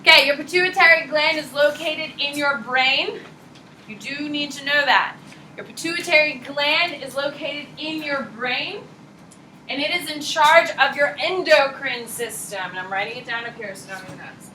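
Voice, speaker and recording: A woman teacher giving a casual, animated classroom lecture, blunt and chatty. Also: high-pitched, normal speed, slight background noise. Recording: echoey classroom from far off.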